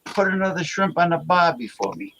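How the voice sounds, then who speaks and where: A man doing a put-on Australian accent as a boisterous beer-ad pitchman, loud and sing-song. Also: sing-song, fairly quick, gravelly, slight background noise, heavily acted, poor audio. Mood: hammy.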